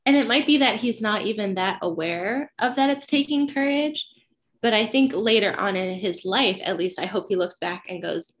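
A woman's voice: medium pitch, animated, normal speed. A woman co-hosting a casual discussion of a cartoon series, reflective and often checking for agreement. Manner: reflective, asks agreement with "right?". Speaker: podcast co-host.

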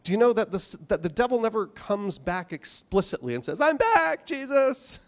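A male pastor delivering a sermon, his voice sitting a little high for a man and rising and falling widely from line to line. He keeps throwing rhetorical questions at his listeners and slips into the voices of the people he quotes. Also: brisk. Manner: animated storytelling, voicing quoted speakers, rhetorical questions.

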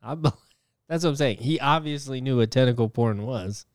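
A man's voice: mid-range voice, normal speed, clear, resonant tone, no echo. A man chatting casually on a podcast, teasing the host and laughing often.

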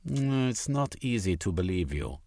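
A man voicing a gruff, skeptical older scholar who questions a visitor in a storybook reading. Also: fairly low pitch, sing-song, measured pace, darkish tone, no room sound, full character voice. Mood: suspicious.

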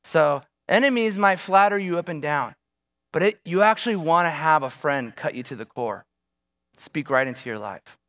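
A man's voice: fairly high pitch, animated, normal speed, a bit bright. A man preaching as a pastor, telling a personal story in a conversational way and asking the congregation rhetorical questions. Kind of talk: sermon.

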